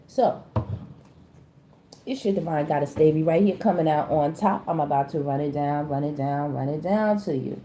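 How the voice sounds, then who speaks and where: A woman tarot reader with a low voice, speaking at a normal speed, offers casual, emphatic commentary on celebrities and keeps checking in with her viewers. The room is echoey, with faint noise behind her.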